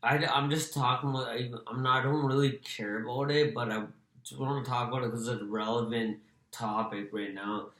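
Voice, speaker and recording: A man who used to box, co-hosting a podcast in relaxed, agreeable chat. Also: mid-range voice, moderate pace, echoey room. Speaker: podcast co-host, former boxer. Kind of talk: casual sports chat.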